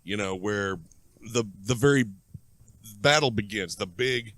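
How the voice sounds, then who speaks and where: Male panelist, lowish voice, hesitant casual talk. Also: measured pace, a bit bright, dry recording. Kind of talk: casual chat.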